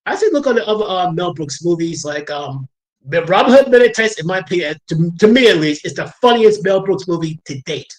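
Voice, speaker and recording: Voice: mid-range voice, expressive, a little fast, poor audio. A livestream host with a New York accent, rambling in casual chat and laughing often.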